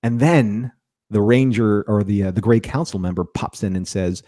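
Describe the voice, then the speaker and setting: A podcast co-host on a casual review discussion, this man has a lowish, mellow voice and a moderate pace. He rambles, repeats words and keeps restarting his sentences. The sound is clean studio audio with no room sound.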